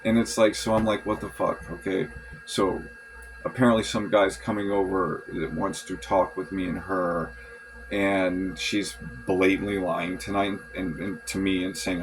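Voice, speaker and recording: A man's voice: low-pitched, level tone, a little slow, noisy background. A man venting in a rambling, frustrated journal monologue, swearing often and restarting his sentences. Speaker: vlogger.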